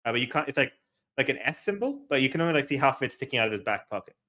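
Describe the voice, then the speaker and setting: A man runs a tabletop game as its game master. His voice is bright and his pitch moves a lot, and he narrates in a loose, rambling way, full of fillers and restarts. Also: very animated, very fast.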